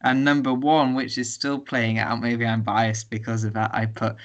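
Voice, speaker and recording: A man's voice: mid-range voice, little pitch movement, moderate pace. A young man co-hosting a casual podcast chat, talking in a thoughtful, easygoing way. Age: young adult. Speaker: podcast co-host.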